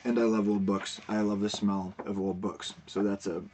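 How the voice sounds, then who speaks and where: Lowish male teacher, loose explaining. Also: moderate pace, slight background noise. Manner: relaxed explaining with frequent fillers and restarts. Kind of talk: recorded video lesson.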